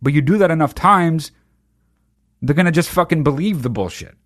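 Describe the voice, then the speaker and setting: A man's voice: on the high side, moderate pace, dry recording, studio quality. A man ranting casually in a sardonic, profane way about a childhood memory. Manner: sardonic, heavy swearing, lively emphasis. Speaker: monologue speaker.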